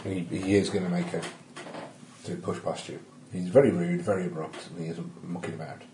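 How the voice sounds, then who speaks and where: A man running a tabletop game as game master, chatty and relaxed, giving rulings with plenty of ums. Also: low-pitched, brisk. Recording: echoey room with faint noise.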